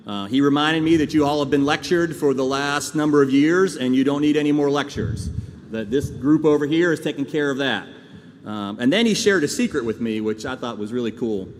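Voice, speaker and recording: A man giving a commencement speech to graduates, earnest and folksy, with jokes and asides to the crowd. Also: mid-range voice. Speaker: commencement speaker. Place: large ceremony hall. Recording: reverberant hall sound with faint background noise.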